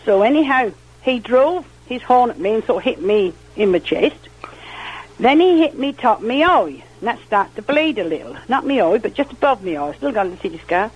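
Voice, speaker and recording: Older husky countrywoman telling stories. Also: fairly high pitch, moderate pace, poor audio. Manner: rambling, repeats "well, anyhow", quotes others in lively voices. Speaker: interviewee. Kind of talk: oral history storytelling.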